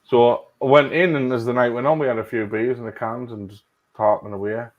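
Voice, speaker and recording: A man's voice: medium pitch, steady tone, brisk. A man with a North East English accent telling a casual anecdote on a video call. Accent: North East England. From North East England. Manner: laughs at his own stories. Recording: dull, lo-fi video call audio.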